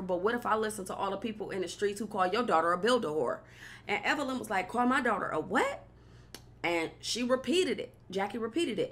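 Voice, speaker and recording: A woman talks straight to her audience in a loose, casual recap vlog. She is chatty and opinionated, and she often mimics the cast in quick, playful voices. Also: lowish voice, a bit bright. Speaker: vlogger recapping a reality show.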